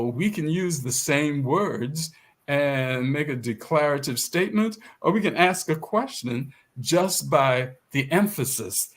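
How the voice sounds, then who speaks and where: An older man from the South Carolina Sea Islands reflects aloud as an interview guest. His delivery is unhurried and measured, with small restarts. His voice moves through a wide, lively melodic range. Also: mid-range voice, creaky, breathy edge. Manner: measured, thoughtful, with hesitant restarts. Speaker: guest author.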